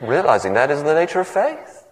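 A man's voice: on the high side, huge pitch swings, brisk, big-room sound. A man preaching a sermon who tells stories and acts out the voices in them. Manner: storytelling, acts out voices in the anecdotes.

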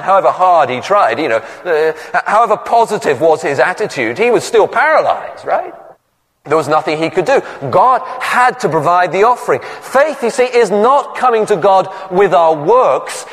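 Pengkhotbah pria yang bercerita dengan ekspresif. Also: male voice, high-pitched, fairly bright tone, big-room sound. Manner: storytelling, acts out voices in the anecdotes. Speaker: preacher. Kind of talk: sermon.

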